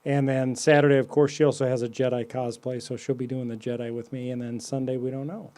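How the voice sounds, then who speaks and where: A man's voice: medium pitch, little pitch movement, fast, a little mellow. A man co-hosting a podcast, chatting casually in an easygoing, friendly way. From Midwestern United States. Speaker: podcast co-host. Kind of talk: casual chat.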